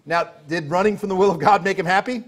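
A man's voice: sits high, quick pace. A man preaching a sermon as pastor, emphatic and full of rhetorical questions, laughing as he tells stories.

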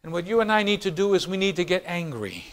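A man preaching a sermon as pastor, swinging from quiet, low lines to fast, loud bursts. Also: sing-song.

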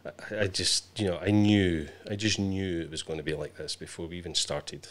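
A man's voice: deep voice, steady tone, moderate pace. A man hosting a live stream, chatting playfully with his guest and greeting viewers. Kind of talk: bantering live stream chat.

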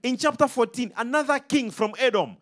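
A man preaching a sermon to a congregation, animated and full of call-and-response questions. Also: very high-pitched, brisk.

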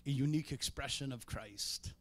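A man preaching a sermon in a church, conversational in tone, with sudden loud emphatic peaks. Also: mid-range voice, moderate pace, dry recording. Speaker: pastor.

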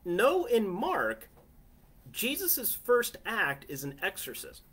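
A man's voice: high voice, huge pitch swings, slow, a bit bright. A man preaching a sermon from his family living room in a conversational way, often asking listeners "right?". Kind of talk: home sermon.

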